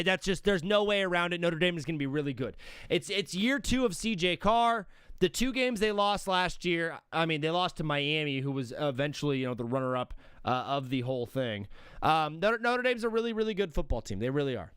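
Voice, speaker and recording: This young sports-show host speaks on the higher side with a fairly bright, clean voice, captured in a clean studio with no room sound. He casually rambles through his team rankings live, breaking off mid-thought and talking to himself as he goes.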